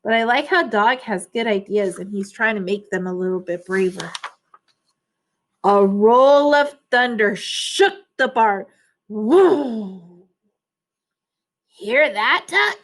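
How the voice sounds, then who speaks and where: A woman reading a children's storybook aloud, pausing to explain words and ask the listeners questions. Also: medium pitch.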